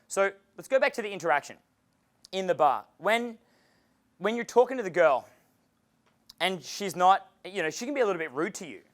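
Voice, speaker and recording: A man giving a live dating seminar as coach, talking with energy and swearing freely. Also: on the high side. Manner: energetic and profane, acting out quotes. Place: seminar room.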